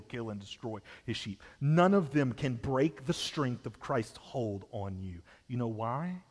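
A man with a Southern US accent preaching a sermon as pastor, emphatic and shifting between hushed and loud passages. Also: mid-range voice, lively intonation, moderate pace, few pauses. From Southern United States. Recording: long hall reverb.

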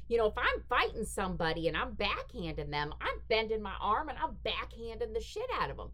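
Lively middle-aged woman telling a story. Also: on the high side, fairly quick, few pauses. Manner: animated, acts out quoted dialogue. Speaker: podcast host. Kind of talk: casual storytelling.

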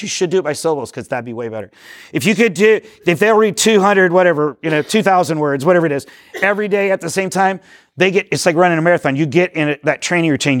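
High-voiced energetic man teaching a workshop. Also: dry recording, studio quality. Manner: energetic, rambling, self-correcting, acts out dialogue. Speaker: discipleship workshop speaker. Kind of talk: teaching talk to a live audience.

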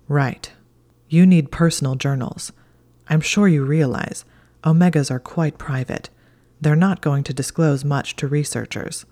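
A calm young wizard talks in a soothing, low murmur, in whispered role-play that a woman acts out. The tone is dark and mellow, with a storybook feel. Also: unhurried.

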